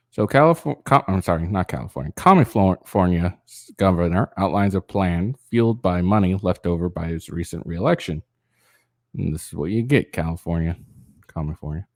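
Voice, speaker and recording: A man with a fairly low voice reads a news piece aloud and keeps breaking into crude, rambling asides. He sounds tired, stumbles and restarts often, and leans on fillers. The sound is close and dry. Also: animated, moderate pace, darkish tone, no room sound. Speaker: political commentary channel host. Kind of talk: casual reading of a news article with rants.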